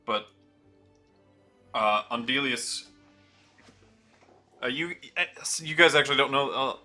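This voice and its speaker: A young man runs a tabletop game in a laid-back, easygoing way. His voice is very bright and cutting. Faint music plays under the session. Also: mid-range voice, unhurried. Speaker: game master.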